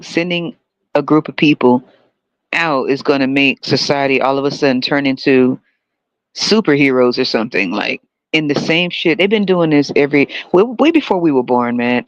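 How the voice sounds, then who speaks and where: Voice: medium pitch, moderate pace, no room sound, dull audio. A podcast host giving a sarcastic, profane solo rant, often laughing.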